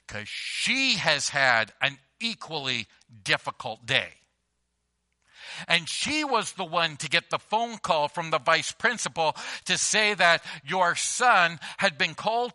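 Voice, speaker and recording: Bright-voiced, high-pitched male pastor preaching. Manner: emphatic, conversational storytelling with repetitions. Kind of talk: sermon. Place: church before a congregation.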